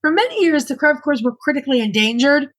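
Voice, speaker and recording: A woman's voice: sits high, lively intonation, fast, a bit bright, poor audio. A woman co-hosting a podcast in casual chat, with a chatty, dry sense of humor. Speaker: podcast co-host.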